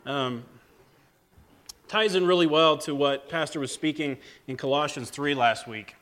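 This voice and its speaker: A man's voice: on the high side, unhurried, a bit bright. A man preaching a plainspoken, straight-to-the-point sermon, with frequent fillers and restarts. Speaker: lay preacher.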